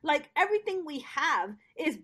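A woman from Pakistan, a guest in a casual interview, telling stories in an animated, joking way. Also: high voice, moderate pace.

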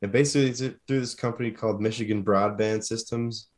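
A man co-hosts a podcast in loose, laid-back talk, swearing now and then. His voice sits on the low side. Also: steady tone, quick pace. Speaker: podcast co-host. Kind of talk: casual chat.

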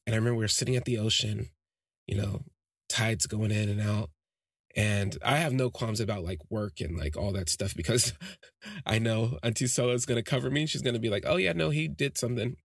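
A man's voice: lowish voice, brisk, breathy edge, no echo, clean studio sound. A man hosting a podcast, telling a personal story in a rambling, heartfelt way with many fillers and restarts. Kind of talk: casual spoken storytelling.

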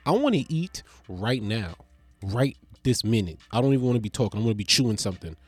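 A man's voice: medium pitch, very animated, fast, husky, no room sound. A man talking casually in a comedic vlog monologue, rambling and swearing as he jokes. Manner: rambling, profane, joking.

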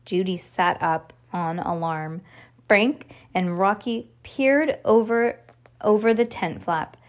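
A woman reading a children's book aloud, animated and stopping now and then to correct herself. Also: mid-range voice, takes it slowly. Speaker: reader.

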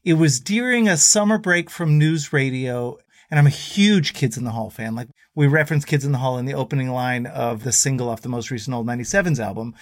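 A man guesting on a podcast, telling road stories in a casual, animated way and acting out the voices of people he quotes. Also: mid-range voice, brisk, dry recording, clean studio sound. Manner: animated storyteller who acts out quoted voices.

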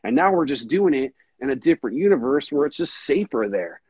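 A man hosting a casual podcast talks in a long, earnest ramble and keeps calling his friend dude. His voice is husky, a little breathy at the edges. The recording sounds dull and dry, with little room around it. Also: medium pitch, very animated, a little fast, a little mellow, no room sound. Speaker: podcast host. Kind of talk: casual chat.

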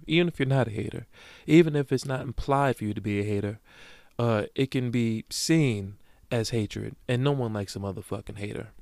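A man's voice: mid-range voice, darkish tone, no room sound. A man hosting his own podcast in a casual solo monologue, brash, profane and joking as he talks straight to his listeners. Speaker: podcast host.

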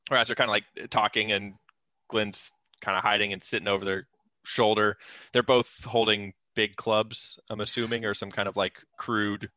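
A man's voice: lowish voice, sharp tone, no room sound. A young man talking as a player in a tabletop game, hesitant with many fillers.

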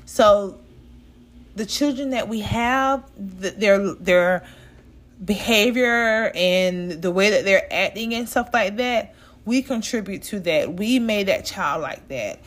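With a mid-range voice and a slow pace, a woman from the American South hosts a relaxed podcast monologue. She talks straight to her listeners, chatty and direct, calling them "y'all."

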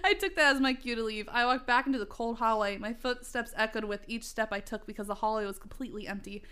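Woman reading old fiction aloud for laughs, smooth and highish voice, jokey asides. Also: fast talker, sharp tone. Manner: laughing, self-mocking asides. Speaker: reader.

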